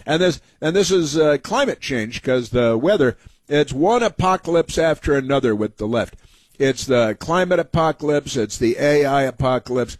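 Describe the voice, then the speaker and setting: A man's voice: mid-range voice, animated, moderate pace, dry recording. A man hosting a talk show, giving combative, rambling political commentary with frequent fillers.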